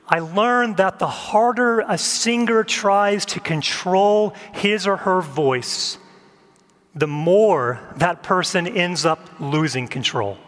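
A man preaching a sermon as a pastor, gentle and measured, reflecting on letting go. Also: high-pitched, in a large hall. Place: church.

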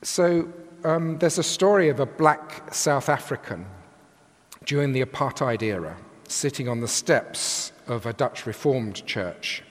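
An older man from England preaching a sermon from the pulpit with a lively, emphatic cadence. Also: mid-range voice, measured pace. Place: large church with long reverb. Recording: echoey church hall.

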